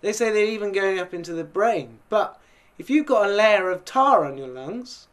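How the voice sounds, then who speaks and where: A man's voice: sits high, expressive, normal speed, fairly bright tone. A man with a British accent hosting a casual, rambling chat and chuckling as he talks. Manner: chatty, rambling, chuckling asides. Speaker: host.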